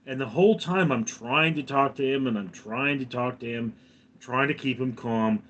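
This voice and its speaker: A man with a medium-pitched, fairly bright voice hosts a casual livestream from home at a moderate pace. He's chatty, telling a long anecdote and reading out chat comments between stories. The audio is dull, with a little hiss or hum.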